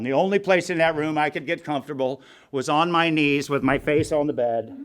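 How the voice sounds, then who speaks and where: A man's voice: on the high side, clear, resonant tone. A middle-aged man telling his recovery story to a meeting group in a blunt, profane, wry way. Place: meeting room.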